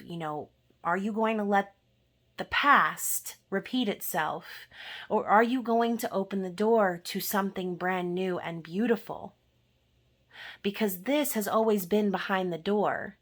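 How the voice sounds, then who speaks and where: A woman with a mid-range voice gives a casual tarot reading a little slowly. Conversational, she speaks directly to her viewers and often closes a point with "okay?"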